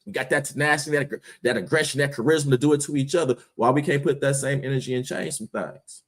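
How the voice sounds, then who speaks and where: A man hosting his own stream, giving an impassioned, preachy monologue full of slang and rhetorical questions. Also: fairly high pitch. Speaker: streamer, host.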